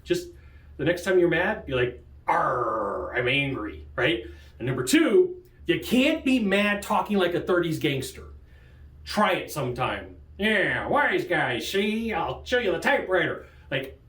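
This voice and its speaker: A man hosting a sales training show, coaching in an energetic, joking way and laughing often. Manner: lively, jokey, laughs often, big pitch jumps. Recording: roomy echo.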